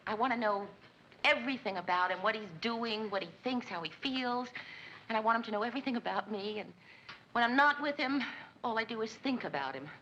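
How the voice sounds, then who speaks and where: An actress playing an earnest single woman newly in love, who talks eagerly and a little haltingly. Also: on the high side, lively intonation, a bit bright, muffled recording, a little hiss or hum. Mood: gushing. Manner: eager, halting, self-conscious.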